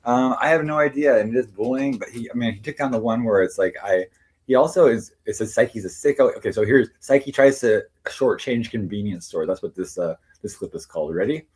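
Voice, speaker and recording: A man's voice: medium pitch, fast talker, darkish tone, slightly rough. A man chatting casually on a livestream, rambling with many fillers and restarts. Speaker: streamer.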